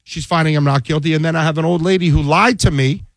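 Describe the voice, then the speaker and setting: A defense attorney tells stories in a casual chat, animatedly acting out the dialogue he quotes. His voice is a little high and fast, with no echo.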